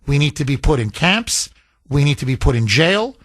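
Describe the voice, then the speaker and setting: Man, radio host, combative monologue, lively swooping delivery, dry close studio sound. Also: a little high, normal speed, no echo. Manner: heated, scornful, emphatic repetition. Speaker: radio talk show host.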